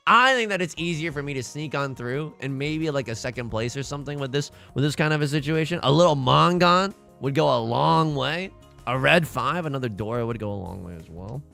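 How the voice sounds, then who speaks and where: A man's voice: mid-range voice, a little fast, creaky, soft background music. A male streamer chatting casually and joking while playing a game. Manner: animated, joking, rambling. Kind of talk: casual gaming livestream chat.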